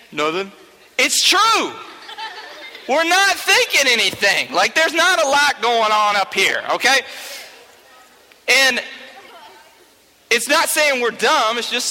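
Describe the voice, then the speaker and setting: In a large hall with long reverb, a young man speaks to a youth group in a high, sharp-toned voice. He's their teacher, and his informal talk is joking and chatty, peppered with frequent "okay?" check-ins.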